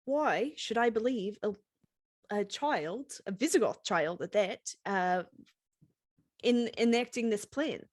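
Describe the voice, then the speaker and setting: A bitter, washed-up male singer who now manages a record store, grumbling and haughty, as a woman puts him on. He talks in a low, self-pitying drawl, as if he was meant for bigger things. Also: lively intonation, takes it slowly, no room sound, clean studio sound.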